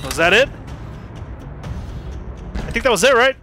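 A man giving live commentary while playing a horror game, excitable, swearing and yelping at scares. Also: very high-pitched, unhurried, over music.

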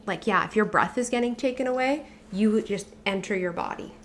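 A woman's voice: medium pitch, a little fast, a little hiss or hum. A woman co-hosting a podcast, chatting casually and frankly, swearing freely and joking around. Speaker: podcast co-host.

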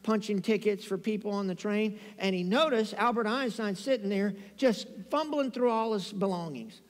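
A man preaching a sermon as pastor, telling lively stories and calling on the congregation to say amen. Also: high voice, moderate pace, few pauses, long reverb tail. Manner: animated storytelling preacher, calls for amens. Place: church sanctuary.

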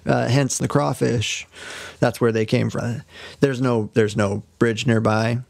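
A man co-hosting a podcast, retelling a fairy tale casually in a rambling, animated way. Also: medium pitch, measured pace, vocal fry, no echo. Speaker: podcast co-host.

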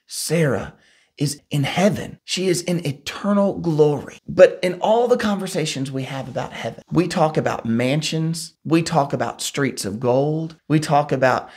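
Male Bible teacher, slightly high voice, earnest, acts out scripture as he retells it.

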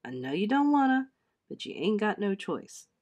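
A woman reading aloud, voicing a gentle but firm older uncle who speaks low and steady. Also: moderate pace.

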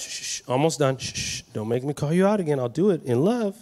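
A man preaching an energetic sermon at a youth conference, animated and joking with the crowd. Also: fairly high pitch, quick pace. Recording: live hall reverb.

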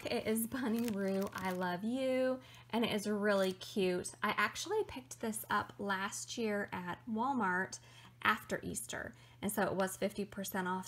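A woman's voice: medium pitch, a bit bright. A chatty young woman talks to her camera in a casual show-and-tell vlog. Her delivery is upbeat and friendly, dotted with ums as she goes. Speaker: vlogger.

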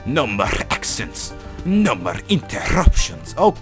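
Young dude yelling over his game, lively swoopy voice, bright and sharp, some faint music behind. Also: mid-range voice, moderate pace. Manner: excitable, jumps into panicked shouting. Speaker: gaming channel host. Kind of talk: gameplay commentary.

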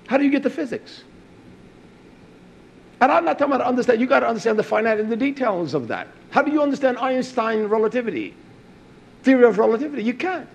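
High-voiced emphatic man preaching. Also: expressive, quick pace, gravelly, long pauses, husky. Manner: emphatic, swinging between low asides and loud raised emphasis. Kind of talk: sermon.

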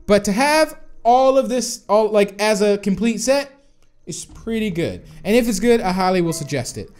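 A young man giving live commentary on a shooter game, excitable and chatty with viewers, bursting into whoas and cheers. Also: high-pitched, normal speed, clean tone. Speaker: gaming YouTuber.

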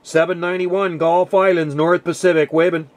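CB operator, male, fairly high voice, friendly call-sign patter, static hiss behind. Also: level tone, moderate pace. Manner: friendly, repeats call signs. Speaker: CB radio operator. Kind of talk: CB radio contact.

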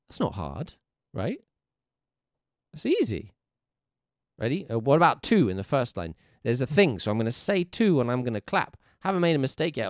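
A man's voice: medium pitch, sing-song, a little fast, no room sound, clean studio sound. A man teaching a music lesson on a livestream, playful and encouraging as he talks with viewers in chat. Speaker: music teacher streaming live.

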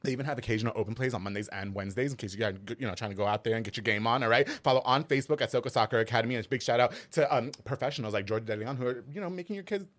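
A man hosting a podcast, talking fast and playfully, laughing often and hyping sponsors like radio ads. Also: mid-range voice, fairly bright tone. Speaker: podcast host. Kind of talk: casual podcast chat with sponsor reads.

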